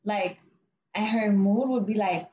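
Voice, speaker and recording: A young woman chats casually in a medium-pitched, slightly mellow voice at a measured pace, bluntly retelling workplace drama. She swears a lot and fills her talk with "like" and "dude," and the recording is roomy, dull and lo-fi with faint hiss.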